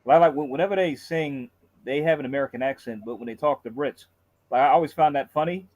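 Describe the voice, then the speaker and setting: A man chatting casually on a stream, talking fast and stumbling over his words. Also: on the high side, darkish tone. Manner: fast, stumbling, laughs often. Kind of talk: casual chat. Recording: dull lo-fi audio with faint hiss.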